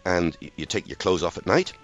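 A man with a very low voice, explaining ideas on the radio with a lively, swooping delivery. The sound is dry and a little dull, like a remote studio line. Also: a little fast. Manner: explanatory, expressive, lecturing. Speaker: author and linguist guest. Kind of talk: radio interview guest explaining.

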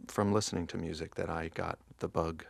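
A man with a very low voice and a gravelly edge talks quietly in an interview, often restarting his sentences. He is from New Jersey. The sound is dry and close. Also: little pitch movement, brisk, no room sound. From Montclair, New Jersey. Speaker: guest musician. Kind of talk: casual interview chat.

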